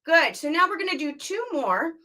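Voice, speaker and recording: A woman vocal coach leading a live online warm-up class, talking through the exercises and demonstrating bored, whiny sounds and sung scales. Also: extremely high pitch, sing-song, moderate pace.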